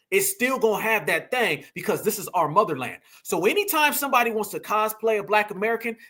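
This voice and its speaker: A man hosts a live reaction stream in a high, bright voice. He talks emphatically in loose slang, pressing the clips he plays with pointed rhetorical questions. He speaks directly to his chat. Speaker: host.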